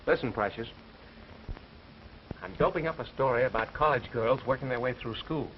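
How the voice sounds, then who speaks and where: A man's voice: mid-range voice, moderate pace, a little hiss or hum, lightly acted. Actor as a breezy, wisecracking newspaperman, lo-fi old film sound. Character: wisecracking young male college reporter. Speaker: newspaper reporter. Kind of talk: 1930s film acting.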